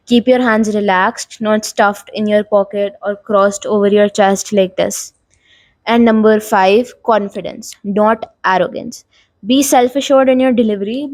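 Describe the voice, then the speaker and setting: A woman's voice: mid-range voice, darkish tone, no echo. Young woman giving tutorial tips, dry sound. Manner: casual and instructive, frequent "like" fillers. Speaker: YouTube host giving tips. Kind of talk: talking-head tutorial.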